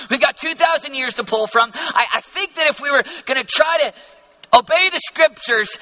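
A male pastor preaches an emphatic sermon in a very high, piercing voice. He repeats phrases for effect and swings between loud declarations and hushed passages. His tone is bright and sharp.

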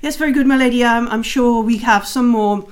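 A woman voicing a hurried, formal old nobleman. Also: fairly high pitch, natural voice.

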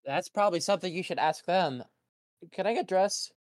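A sarcastic young hero trades flat, deadpan replies, voiced by a tabletop player. The voice sits at a middle pitch and sounds dry and close, with no room around it. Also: fairly quick, no room sound, close to an everyday voice. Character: sulky young adult super-powered human kid, dry and sarcastic.

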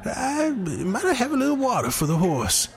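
Man doing a drawling frontier peddler, raised pitch, slow stretched words, gravelly texture, faint music in the background. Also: huge pitch swings, heavily acted. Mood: easygoing.

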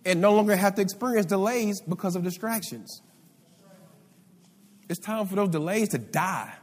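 A man's voice: high-pitched, lively intonation, normal speed. A male pastor preaching a sermon, calling out for responses from the congregation. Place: church sanctuary. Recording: live hall reverb.

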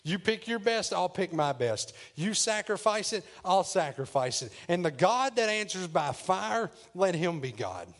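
A defiant, grown prophet throws down a brash challenge in a drawl, acted out by a male preacher in his sermon. His voice sits a little high and his manner stays cocky and taunting. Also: sing-song, unhurried, hardly any pauses, fairly bright tone, heavily acted. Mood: challenging. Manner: brash trash talk. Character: bold defiant prophet, grown man, mocking rivals.

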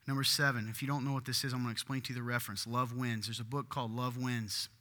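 A man preaching a sermon in a church, animated and breaking into loud emphatic bursts. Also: medium pitch, fast talker, in a large hall. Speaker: pastor.

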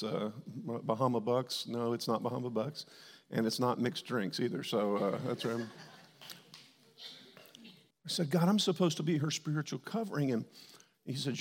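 Middle-aged male pastor, gravelly tone, candid sermon storytelling, echoing church hall. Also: mid-range voice. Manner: candid storytelling with sudden loud quoted outbursts. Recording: long hall reverb.

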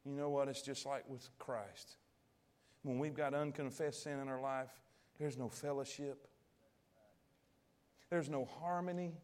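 A man preaching a sermon, telling a story in a folksy, colloquial way, swinging from loud to hushed and asking the audience questions. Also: medium pitch, steady tone, measured pace, pauses often. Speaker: pastor.

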